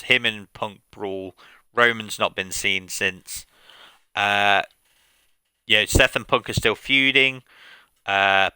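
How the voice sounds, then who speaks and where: A man's voice: on the low side, pushed and bright, clear, resonant tone, no echo. A man streaming a game, recapping at length in casual commentary, with frequent fillers and restarts.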